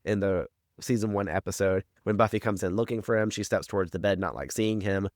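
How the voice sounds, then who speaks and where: In a dry, clean studio recording, a man with a fairly low, slightly mellow voice talks fairly quickly. He's co-hosting a podcast and recapping a TV episode in loose, rambling chat packed with fillers and swearing.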